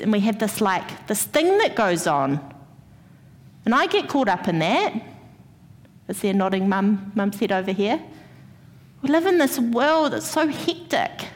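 A woman's voice: medium pitch, big pitch swings, a little slow, long pauses, long reverb tail. A woman gives a church sermon, telling a personal story and speaking straight to the congregation. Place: church hall.

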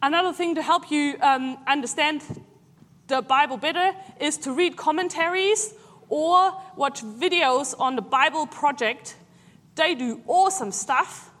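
A woman preaching in a relaxed, conversational way, often pausing on fillers as she gathers her thoughts. Her voice sits high. It rings out with the long reverb of a church hall. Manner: conversational, halting, many filler pauses. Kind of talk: informal sermon.

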